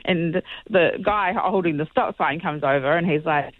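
A woman's voice: sits low, moderate pace, no echo. A woman calls in to a radio show and tells her story animatedly, checking in with "okay?" as she goes. She comes through a tinny phone line with a dry sound. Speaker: caller. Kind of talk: casual storytelling on air.

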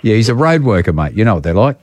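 A man's voice: fairly low pitch, sing-song, fast, dry recording. An Australian man hosting a morning radio show, jokey and matey, often laughing with callers. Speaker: radio host. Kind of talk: breakfast radio chat.

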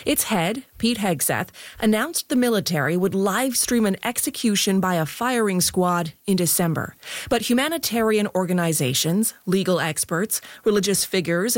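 A woman news anchor reading the headlines in a measured, formal way. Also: medium pitch, no echo, clean studio sound. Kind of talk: radio newscast reading.

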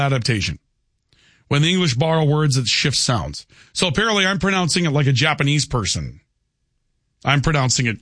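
Lively-voiced male radio host. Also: mid-range voice, dry recording, studio quality. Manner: lively, joking, reads ads and forecasts briskly. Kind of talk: casual radio talk and weather read. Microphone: studio microphone.

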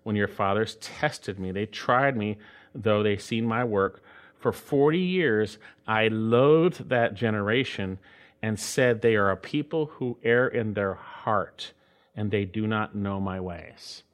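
A man preaching a sermon as a pastor, earnest, slowing down to read scripture and rising for emphasis. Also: on the low side.

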